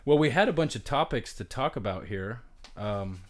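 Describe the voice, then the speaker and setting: A man co-hosting a podcast, telling a long rambling story in a casual, animated way with lots of fillers. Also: medium pitch, moderate pace. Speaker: podcast co-host, retired pro baseball player.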